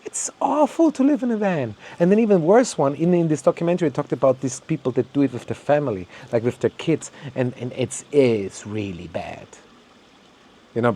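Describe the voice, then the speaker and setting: Man ranting on a podcast, mellow warm voice, stumbling repeats. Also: on the high side, husky. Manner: heated, ranting, swears, repeats words, mocks others in quoted voices. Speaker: podcast host. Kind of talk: opinionated monologue.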